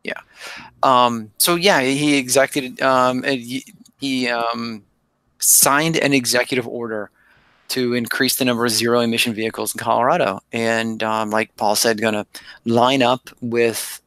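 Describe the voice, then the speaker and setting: Bright dry-voiced male podcast host. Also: mid-range voice, steady tone, measured pace, no echo, rough recording. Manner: hesitant, lots of fillers. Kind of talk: casual panel chat.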